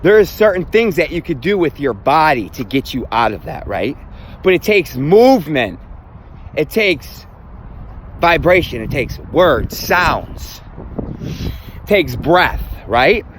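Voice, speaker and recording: A man's voice: a little high, big pitch swings, takes it slowly, slight background noise. Blunt, foul-mouthed motivational man. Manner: blunt, heavy swearing, emphatic. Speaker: self-help vlogger. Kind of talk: profane motivational rant.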